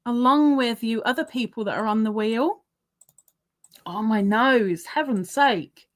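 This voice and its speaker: A woman's voice: high voice, lively intonation, a little slow, fairly bright tone. A woman hosting a casual livestream, chatting, reading viewer comments aloud and laughing often. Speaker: livestream host.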